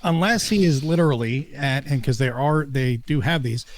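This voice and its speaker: A man talks his way through a casual podcast discussion at an ordinary middle pitch. He rambles, restarts his sentences and presses his opinions as he goes. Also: normal speed, slight background noise. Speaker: podcast co-host. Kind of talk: casual chat.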